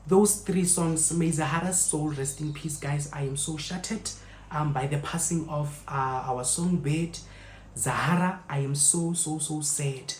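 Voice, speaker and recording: A South African woman vlogger telling a story while she cooks in her home kitchen. She is an expressive storyteller who mixes in local phrases and talks directly to her viewers. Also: deep voice, measured pace, reverberant, slight background noise, poor audio.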